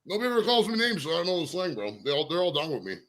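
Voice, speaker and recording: Fast-talking jokey man. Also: on the high side, sing-song, fairly bright tone, slight background noise. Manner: fast, jokey, says bro a lot. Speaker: friend on the show. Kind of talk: joking banter.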